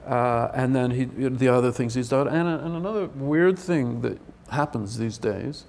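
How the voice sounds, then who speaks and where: A man's voice: medium pitch, measured pace, creaky, a little mellow, a little hiss or hum. An older man, a film director, answering questions at a press event in a rambling, hesitant way, full of restarts.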